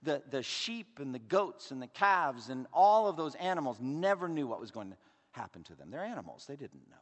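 A man preaching a sermon with emphatic rhetorical questions, swinging from loud declarations down to hushed asides. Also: mid-range voice, sing-song, normal speed. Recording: long hall reverb.

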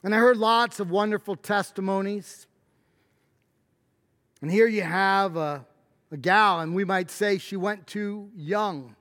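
A middle-aged male pastor delivering a sermon, his pitch sitting high and his pace slow and deliberate. He leans hard on key words, pushing them up toward a shout. The voice carries a long hall reverb. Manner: emphatic preaching, rising to shouted stresses.

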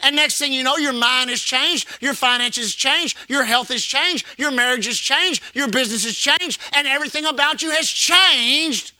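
High bright-voiced male preacher. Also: normal speed, few pauses, no room sound. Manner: preaching with call-and-response and repetition. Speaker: pastor. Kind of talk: sermon.

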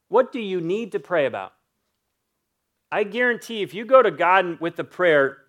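A man preaching a sermon, his voice sitting a little high for a man. He takes his time, leaning hard on key phrases and stretching them out slowly. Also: lively intonation, a bit bright. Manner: emphatic preaching with drawn-out slow phrases for emphasis. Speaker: pastor.

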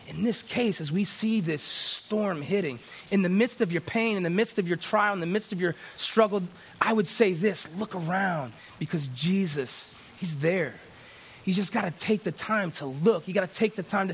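A man's voice: sits high, normal speed, breathy edge. A middle-aged man preaching a sermon, telling a personal story in a conversational way with many restarts and growing emphatic. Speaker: pastor.

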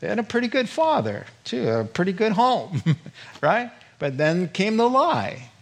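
A male pastor preaching a sermon in a folksy, animated way, often laughing as he goes. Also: high-pitched, measured pace.

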